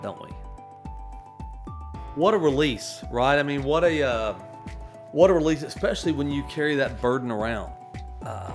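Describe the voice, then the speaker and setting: A man in his forties telling a tender family story on a talk show, rambling with many restarts and fillers. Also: on the high side. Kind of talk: storytelling in casual chat.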